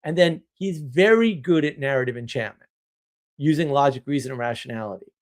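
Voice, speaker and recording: A man in the middle of a casual live stream, reacting to chat with strong opinions and plenty of rambling restarts. His voice sits at an ordinary pitch for a man. It is recorded close on a desk microphone at home. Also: fairly quick.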